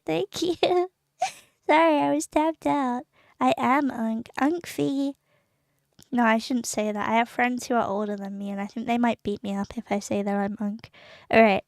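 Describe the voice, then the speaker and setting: Young woman, high voice, gravelly edges, dry close mic, giggly streamer chat. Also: moderate pace, no room sound. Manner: giggly, excitable, emotional. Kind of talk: casual live-stream chat.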